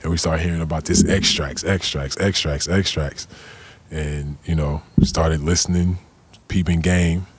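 Deep-voiced man telling a story casually. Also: little pitch movement, normal speed, slight background noise. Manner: laid-back, slangy, "you know what I'm saying" fillers. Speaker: guest, cannabis company founder.

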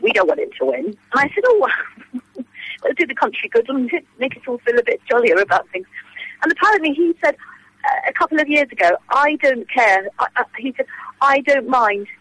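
Radio guest: chatty, laughing Englishwoman on a mobile, very high and breathy. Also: animated, a little fast, a bit bright, dry recording, rough recording. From England. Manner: chatty, laughing, rambling anecdotes. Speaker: phone-in guest. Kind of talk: casual radio chat. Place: outdoors outside a coffee shop. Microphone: mobile phone.

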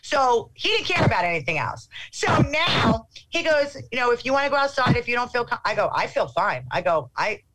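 A middle-aged woman telling a casual anecdote in an animated way, acting out what people said. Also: a little high, fairly quick, few pauses, low-quality recording. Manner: animated, acts out quotes.

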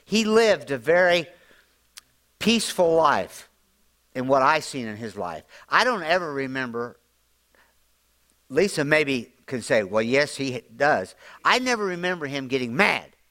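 A man's voice: a little high, very animated, unhurried, long pauses, bright, forceful tone. Folksy preacher man, rising to fervor. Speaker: pastor. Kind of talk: sermon.

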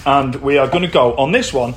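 A man's voice: medium pitch, brisk, a little hiss or hum. A man hosting a pub quiz, teasing and playful, recorded in a pub. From Manchester. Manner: teasing, playful, lively delivery. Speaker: quiz host. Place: pub, indoors.

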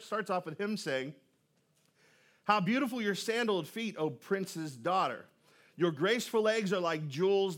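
High-voiced joking male pastor. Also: a bit bright. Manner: conversational, joking, repeats words when starting sentences. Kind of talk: sermon. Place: church auditorium.

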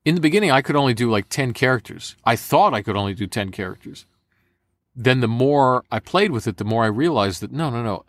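A man, a voice actor, giving animated, repetitive advice in a casual interview. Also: mid-range voice, fairly quick, no room sound. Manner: animated, demonstrative, repeats for emphasis. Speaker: voice actor guest.

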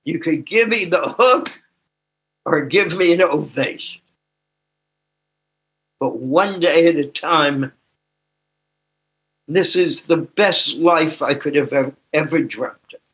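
An older man with a slight tremor in his voice, sharing his own story slowly and emotionally with a recovery group. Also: on the high side, fairly bright tone. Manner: slow and emotional, with laughter. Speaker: recovery workshop speaker. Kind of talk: personal sharing talk.

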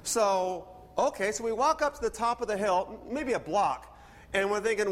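A man preaching a sermon, telling a personal story in an animated way and acting out the dialogue. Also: high-pitched, brisk, long reverb tail. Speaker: pastor.

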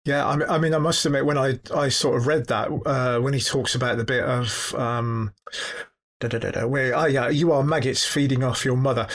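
A man's voice: medium pitch, steady tone, normal speed, a bit bright. A man co-hosting a casual book podcast, talking enthusiastically in a loose, rambling way. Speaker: podcast co-host.

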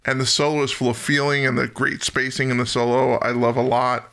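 A man hosts a casual music podcast with a gravelly, bright voice. He runs the song countdown and cracks jokes at his own expense. His pitch sits in an ordinary middle range. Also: level tone, brisk. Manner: jokey, self-deprecating, runs the countdown. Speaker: podcast host. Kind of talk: casual music-talk chat.

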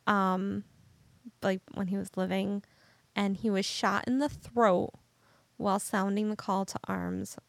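Slow, gravelly woman co-hosting a podcast. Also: mid-range voice, fairly even intonation, no room sound. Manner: giggly, rambling storyteller. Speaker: podcast co-host. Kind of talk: casual chat.

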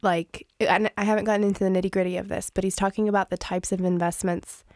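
A woman's voice: medium pitch, flat delivery, quick pace, darkish tone, no room sound. A nasally congested woman chats on a podcast mic in a bone-dry room. She is chatty and laughs easily, talking loosely about what she has been reading. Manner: chatty, laughs often, sings playful jingles. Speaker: podcast co-host. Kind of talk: casual podcast chat. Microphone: studio microphone.

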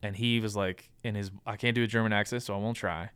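A man with a lowish, clear, smooth voice talks as a podcast guest, working through his thoughts with plenty of ums and restarts. The sound is close and dry, with no room echo. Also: fairly even intonation, fast talker, fairly bright tone. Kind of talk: casual conversational advice.

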